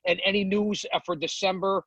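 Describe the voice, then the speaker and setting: A man's voice: high voice, fairly even intonation, a little fast, a bit bright, dry recording, low-quality recording. A man hosting a podcast, steering the chat with questions. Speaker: podcast host.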